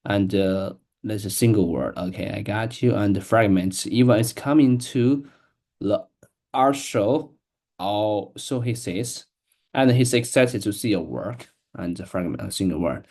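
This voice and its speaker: Man, slightly low pitch, hesitant learner reading aloud with frequent restarts. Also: darkish tone. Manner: halting, hesitant, many restarts. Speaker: English learner. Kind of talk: reading practice with an AI assistant.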